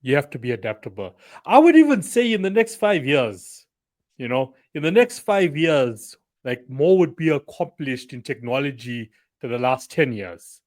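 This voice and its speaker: A man hosting an interview in a loose, chatty way. He fills his sentences with "you know" and "like," and his pitch sits in a middle range. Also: very animated, moderate pace. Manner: chatty, filler-heavy, with frequent "you know". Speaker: interview host. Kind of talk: casual interview talk.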